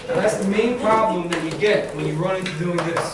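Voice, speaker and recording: A man leading a live teacher-training session in a classroom, energetic and demonstrative, often acting out his examples. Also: high-pitched, fast talker. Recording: very echoey room, far mic, faint noise.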